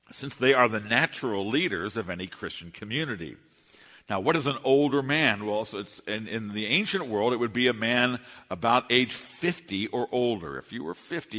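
A man preaching an expository sermon as pastor in a church, emphatic and lively, often restarting his phrases. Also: fairly low pitch, big-room sound. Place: church sanctuary.

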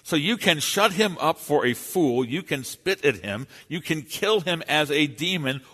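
A man's voice: fairly high pitch, animated, a little slow, a bit bright. Man preaching in a reverberant hall. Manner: earnest, emphatic, swells and drops for emphasis. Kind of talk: sermon.

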